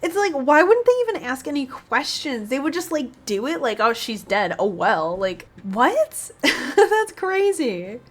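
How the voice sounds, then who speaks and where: A woman's voice: sits high, sing-song, a little slow. A woman hosting a game walkthrough, chatty and playful, with sarcastic asides. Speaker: gaming video host.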